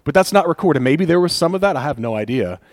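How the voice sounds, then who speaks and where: A man preaching a conversational sermon, animated and acting out people's complaints with laughs. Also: fairly high pitch, fast talker, no echo. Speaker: pastor.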